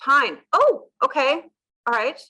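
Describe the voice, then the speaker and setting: A woman's voice: medium pitch, moderate pace, pushed and bright. A woman hosting a casual interview chat, upbeat, repeating words back and laughing at her own slips. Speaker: host.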